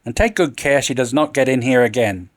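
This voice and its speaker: A man's voice: medium pitch, a little fast, dry recording, lightly acted. Harsh police chief, voiced by a man, curt and savage, dry sound. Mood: harsh impatient. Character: harsh, impatient police chief count, middle-aged man.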